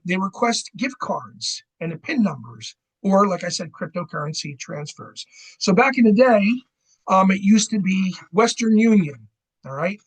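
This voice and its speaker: Guy, middle-aged, pretty high voice, talking a crowd through scams, lots of "right?". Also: breathy edge, poor audio. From New Jersey. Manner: conversational, keeps asking "right?". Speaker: credit union fraud educator. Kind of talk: seminar talk on fraud.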